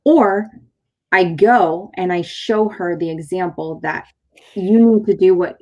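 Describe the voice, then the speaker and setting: A woman's voice: on the low side, slow, a little mellow. A woman in her thirties from San Diego, a chiropractor hosting a show, telling a personal story in casual conversation. She tells it animatedly, acts out the dialogue, and uses many fillers and restarts. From San Diego, California.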